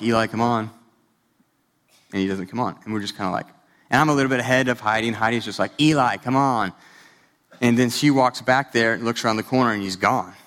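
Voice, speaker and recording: A man in his thirties giving a sermon, telling a story in a conversational way, with animated bursts. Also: mid-range voice. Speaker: pastor. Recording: long hall reverb.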